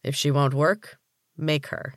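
A man's voice: on the high side, steady tone, slow, no echo, studio quality. Man reading as a smug domineering older gym boss. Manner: smug commanding.

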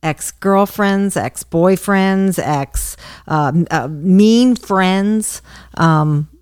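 A woman's voice: on the low side, very slow, a little mellow, clean tone, dry recording, clean studio sound. A middle-aged woman hosting a casual chat with her daughter, teasing and reading out prompts. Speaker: mother and host.

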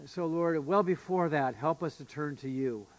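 A man's voice: on the high side, normal speed, a little mellow. A male pastor giving an earnest, emphatic sermon with occasional fillers and restarts. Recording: long reverb of a church hall.

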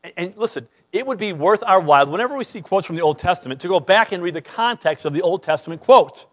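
A man preaching a sermon as pastor, emphatic, repeating words as he starts sentences and swinging between loud and quiet. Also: sits high, animated, quick pace.

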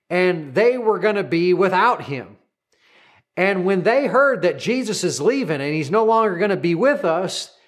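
A man with a high voice preaches a sermon as a pastor. He presses his listeners with frequent calls of "come on" and asks them to repeat lines after him.

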